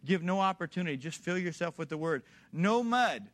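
The male preacher's voice sits somewhat high, with lively intonation and a brisk pace. Questioning his congregation rhetorically, he alternates hushed stories with emphatic exhortation that builds forcefully and grows loud.

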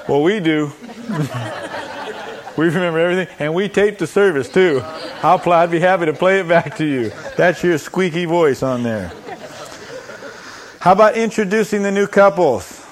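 A man's voice: a little high, lively intonation, moderate pace. A man preaching a sermon as a pastor. He poses rhetorical questions and answers them, acts out quoted voices and adds humorous asides.

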